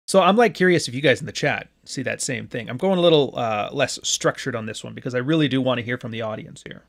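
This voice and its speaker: A man's voice: mid-range voice, fast, vocal fry, hardly any pauses. A man in his late thirties from Canada, hosting a podcast in loose, joking chat with his live audience, swearing freely. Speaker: podcast host. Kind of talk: casual live-stream talk to a chat.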